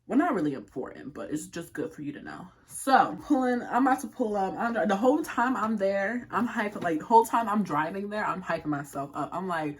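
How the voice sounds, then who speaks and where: A woman's voice: medium pitch, moderate pace, slight background noise. A young woman vlogger telling a rambling story-time tale to her viewers, full of "like" and asides. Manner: rambling and animated, heavy use of "like".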